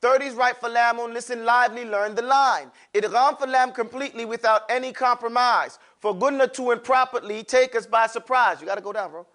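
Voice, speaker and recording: A man's voice: extremely high pitch, brisk, hardly any pauses, pushed and bright. A man teaching a classroom lesson, drawing out sounds for students to repeat and adding playful asides. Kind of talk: classroom lesson with call-and-response drills.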